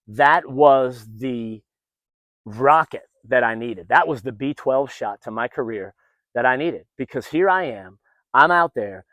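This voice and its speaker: A man's voice: mid-range voice, no echo. Middle-aged man telling a story, dry sound. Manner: animated, acts out what others said, many restarts. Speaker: vlogger and former event announcer. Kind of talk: casual personal storytelling.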